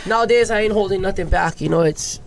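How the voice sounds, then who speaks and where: Male surfer from Hawaii, 30s, gravelly and candid, casual swearing. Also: high voice, fast talker, slight background noise. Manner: open, emotional, swears casually. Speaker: guest, big wave surfer. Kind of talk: candid podcast storytelling.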